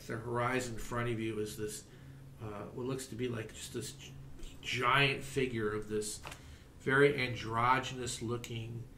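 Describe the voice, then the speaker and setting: A man narrating a tabletop game as game master, halting with many fillers. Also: mid-range voice, gravelly, bright, forceful tone, reverberant, slight background noise.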